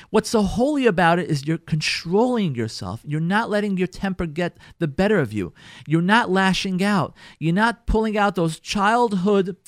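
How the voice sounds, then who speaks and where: A man's voice: sits high, no room sound, clean studio sound. A middle-aged man, a rabbi teaching a Torah class on marriage, acting out everyday scenarios and repeating phrases for emphasis. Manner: animated, acts out everyday scenarios.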